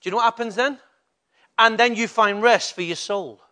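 A man's voice: sits high, normal speed, bright, forceful tone. A male pastor preaching a sermon in a conversational way, rising to emphatic bursts.

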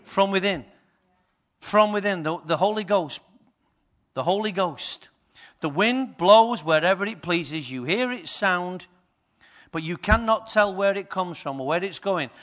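A man pastor preaching a sermon, firing rhetorical questions at the congregation and swinging between quiet and loud. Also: high voice, animated, measured pace.

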